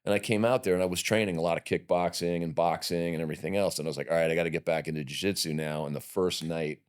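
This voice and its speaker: A man's voice: low voice, steady tone, quick pace, smooth. A middle-aged man and podcast guest, telling rambling, profane anecdotes in a casual interview.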